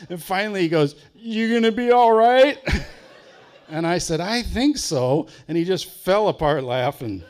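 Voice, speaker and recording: Folksy storyteller man. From Wisconsin. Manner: folksy, dry humor, drops low and quiet on tender moments. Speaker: author giving a talk. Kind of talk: live storytelling to an audience. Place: library fine arts center before an audience.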